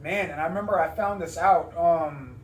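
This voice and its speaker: Casting: young American man, loose rambling interview talk, slightly high voice, roomy room, set back from the mic. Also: normal speed, recorded from a distance, a little hiss or hum. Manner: rambling, many fillers and restarts.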